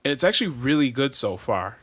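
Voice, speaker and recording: A man's voice: medium pitch, big pitch swings, a little fast, fairly bright tone, no echo, clean studio sound. A man in his thirties co-hosting a podcast, easygoing and chatty. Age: 30s. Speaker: podcast co-host. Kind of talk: casual chat.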